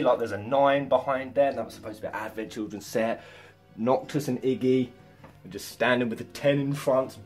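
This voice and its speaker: A young man, chatting excitedly and swearing freely as he shows off his collection at home. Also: medium pitch. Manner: swears freely, stumbles over words when excited. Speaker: vlogger showing his figure collection. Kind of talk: excited casual vlog. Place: home room with shelves.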